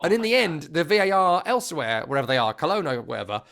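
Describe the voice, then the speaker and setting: A man over thirty-five co-hosting a casual football podcast, telling jokey, animated stories. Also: a little high, quick pace, vocal fry. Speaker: podcast co-host.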